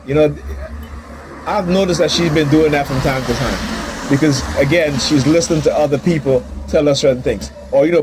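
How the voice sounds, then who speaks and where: A man's voice: mid-range voice, darkish tone, a little hiss or hum. A man vlogging from his car in a casual, heated rant, rambling and repeating "you know" and "right?".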